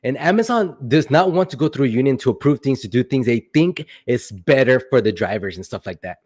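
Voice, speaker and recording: A man's voice: medium pitch, animated, fairly quick, darkish tone. A young man hosting a casual livestream, answering chat questions in a rambling, playful way with joking asides.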